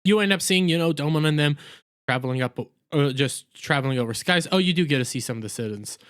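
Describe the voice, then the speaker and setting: A man's voice: on the high side, animated, fast, fairly bright tone. A man casually recapping an anime episode, rambling with lots of fillers and correcting himself mid-sentence. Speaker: anime reviewer.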